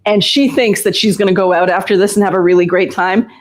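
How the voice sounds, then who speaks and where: A woman's voice: medium pitch, steady tone, fast talker. A woman who runs a shop, hosting a casual live stream and explaining ordering and clothes in a chatty, reassuring way.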